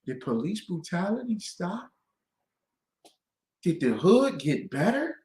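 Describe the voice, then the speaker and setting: A man hosting a talk show, ranting with passion and swinging from low muttering to outbursts of shouting. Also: sing-song, slow pace, reverberant, low-quality recording. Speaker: host. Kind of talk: impassioned talk-show rant.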